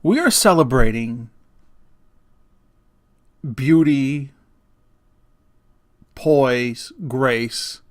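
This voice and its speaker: A man's voice: medium pitch, very slow, long pauses. A middle-aged man hosting a solo comedic rant podcast, blunt and profane, laughing at his own jokes. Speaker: podcast host.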